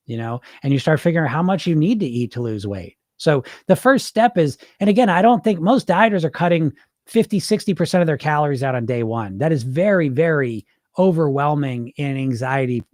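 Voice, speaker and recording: A man's voice: on the high side, darkish tone, no echo, clean studio sound. A man who works as a weight loss coach, talking casually and emphatically, answering viewer questions with many rhetorical questions. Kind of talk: casual live Q&A coaching talk.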